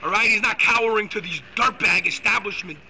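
A man hosting a live stream, ranting loudly and excitably with crude insults. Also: high voice, a little fast, gravelly, noisy background. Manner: loud, excitable, profane, insulting. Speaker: host. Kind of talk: live-streamed political rant.

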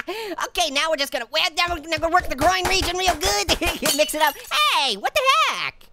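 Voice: sits high, expressive, moderate pace, background noise. A performer voicing a cheeky, hyper male cartoon orange who narrates a comedic VR boxing playthrough, taunting and cackling constantly. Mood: taunting glee. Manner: taunting, giggly, constant cackling laughs and wisecracks. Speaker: gameplay commentator.

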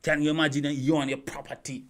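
A man's voice: fairly high pitch, little pitch movement, fast talker. A man giving an opinion monologue as a YouTube commentator, firing rhetorical questions, repeating himself and stumbling over restarts.

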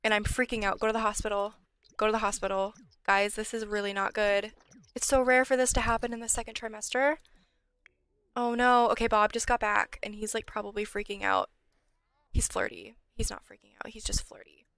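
A woman's voice: medium pitch, little pitch movement, fairly quick, fairly bright tone, clear, resonant tone, no room sound. A young woman giving casual, chatty let's-play commentary on a life-sim game, sometimes dropping to a whisper. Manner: chatty, drops to whispers when worried. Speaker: gameplay channel host.

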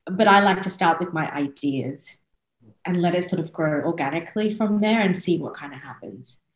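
A woman's voice: lowish voice, normal speed, reverberant, rough recording. A singer-songwriter woman in her thirties, from Australia, chatting casually as a podcast guest and laughing often.

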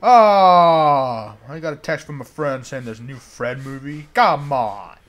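A young man commentating a zombie game as he plays, joking around, humming along and yelling in panic when attacked. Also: medium pitch, steady tone, a little fast. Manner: jokey, shouts and yelps in panic, hums along. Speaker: gamer. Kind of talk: let's play commentary.

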